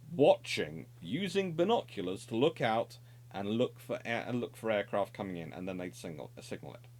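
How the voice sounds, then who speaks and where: Lively-voiced male naval history presenter. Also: medium pitch. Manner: discursive, self-correcting, wry asides. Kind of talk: unscripted explanatory monologue.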